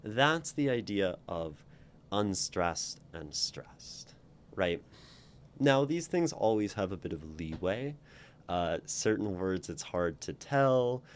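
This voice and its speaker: A deep, unhurried male voice breaking down verse for his viewers. He stops to think mid-sentence and turns points into gentle questions. It sounds like a patient, friendly lesson. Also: a little hiss or hum. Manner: thoughtful, often checks in with "right?"; thinks aloud with restarts. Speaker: poetry channel host. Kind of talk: explaining poetry to viewers.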